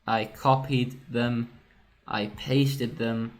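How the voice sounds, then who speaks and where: Male producer explaining his own track at an unhurried pace, in an even and mostly level voice. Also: medium pitch. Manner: casual and self-correcting, often says "right". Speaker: music producer. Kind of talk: screen-recorded production walkthrough.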